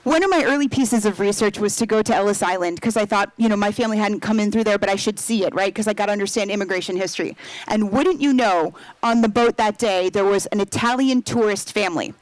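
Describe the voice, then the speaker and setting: A woman's voice: mid-range voice, quick pace, dry recording, low-quality recording. A woman novelist speaking at a live book event in a talkative, storytelling way, with frequent fillers. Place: event room before an audience.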